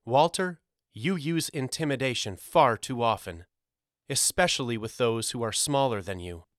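A man's voice: medium pitch, expressive, moderate pace, a bit bright, no echo, studio quality, lightly acted. A man voicing a firm, authoritative but kind mother in an audiobook. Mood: scolding. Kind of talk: audiobook character voice.

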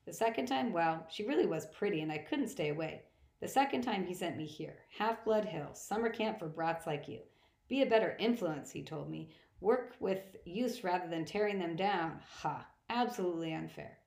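Woman doing a whiny male god, pompous, mocking, fairly low voice, echoey room. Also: animated, moderate pace, creaky, a little mellow. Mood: scornful. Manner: drawling and mocking.

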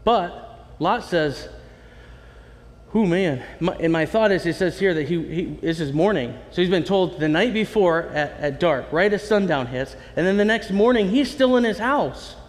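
Conversational preacher in a big echoing hall. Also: male voice, sits high, moderate pace, hardly any pauses. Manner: conversational, animated, with asides to the congregation. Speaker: pastor. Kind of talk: sermon.

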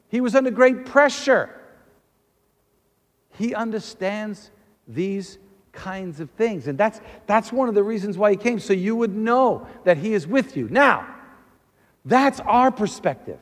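A man preaching a sermon as pastor, talking in an animated way and acting out the voices he quotes. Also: high-pitched, a little slow, in a large hall.

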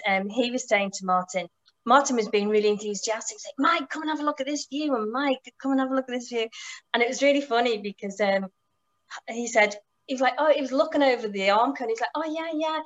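A woman's voice: mid-range voice, low-quality recording. A middle-aged woman who runs motorcycle tours, telling stories in a casual, enthusiastic way with many restarts and fillers. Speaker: motorcycle tour operator. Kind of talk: casual storytelling.

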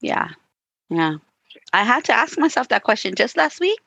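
A woman's voice: fairly high pitch, sing-song, normal speed, gravelly, a bit bright, slightly rough, no room sound. A woman co-hosting a casual talk, telling stories with acted-out quotes and frequent "you know" and "like". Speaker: podcast co-host. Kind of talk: casual conversation.

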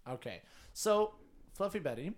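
A man's voice: high voice, very animated, normal speed. A man running a tabletop game as game master, chatty and laughing, with lots of fillers.

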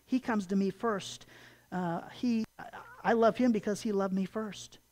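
A pastor delivering a sermon, emphatic and full of rhetorical questions, repeating key phrases and growing louder and higher to stress a point. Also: fairly even intonation, unhurried.

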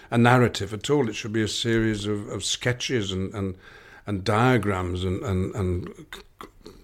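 An older man from Lancashire with a Lancashire accent, a guest giving reflective interview answers, musing and halting with many restarts. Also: fairly low pitch. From Lancashire, England.

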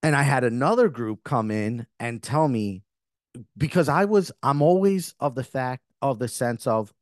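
A middle-aged man talks through a spiritual podcast monologue at a middle pitch. His delivery is earnest and meandering, doubling back on himself often. The recording is close and dry, with no room sound. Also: animated, a little slow, no room sound. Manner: earnest, rambling with frequent restarts. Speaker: podcast host.

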